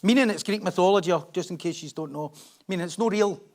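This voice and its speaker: A man's voice: sits high, quick pace. A middle-aged male pastor preaching a conversational sermon, joking, asking his listeners questions and reading scripture aloud. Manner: chatty, humorous, asks the congregation questions; animated storytelling, laughs at himself.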